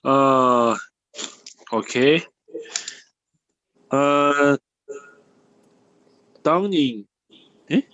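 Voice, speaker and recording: Slow, hesitant man on a phone. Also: mid-range voice, fairly bright tone, smooth, no room sound. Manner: hesitant, many "uh"s and restarts. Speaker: student. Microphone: phone on an online call. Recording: dry, dull phone sound.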